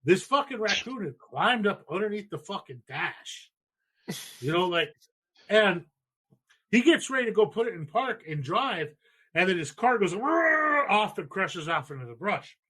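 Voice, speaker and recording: A man in his thirties tells a long story on a podcast. His voice sits a little high with a husky edge. He rambles and swears freely, like a casual chat with friends. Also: big pitch swings, a little slow, sharp tone. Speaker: podcast host.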